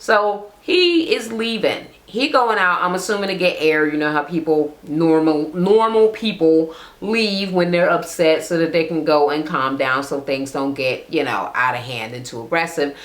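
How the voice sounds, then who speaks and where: A woman recapping a reality TV episode as a vlogger, telling it in a blunt, profane, animated way. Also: sits low, normal speed, few pauses. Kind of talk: casual ranting recap.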